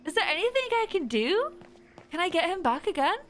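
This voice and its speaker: A young woman streamer giving animated, chatty let's play commentary. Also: very high-pitched, a little fast. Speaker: gaming streamer. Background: faint game music.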